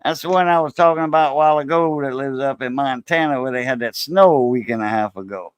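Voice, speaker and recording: Fast and with few pauses, a Cajun Louisiana coin-collecting host tells animated stories on his casual live stream, acting out others' voices. His mid-range voice has a clean tone, and the recording is dry.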